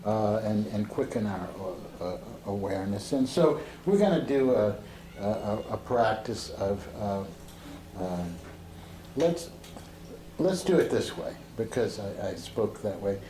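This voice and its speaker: A man teaching a Sufi breathing practice to a group, talking in a slow, halting way with many fillers and restarts. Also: on the low side, animated, mellow. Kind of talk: relaxed spoken instruction to a seated group. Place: indoor room with a door to the street. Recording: roomy echo with faint street noise.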